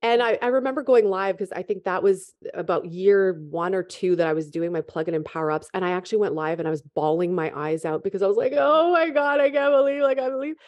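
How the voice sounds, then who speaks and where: A woman host speaks with a mellow, rounded voice that carries no edge. She sounds encouraging and affirming, leaning into talk of purpose and honoring oneself as she draws her guest out. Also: lowish voice, steady tone, quick pace, hardly any pauses. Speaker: podcast host. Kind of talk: conversational interview.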